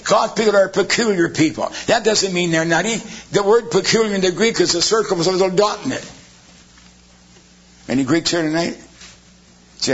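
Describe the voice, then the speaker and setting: A man's voice: high voice, a bit bright, slightly rough. A man preaching a sermon, firing off rhetorical questions with sarcastic asides. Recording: dull lo-fi sermon recording.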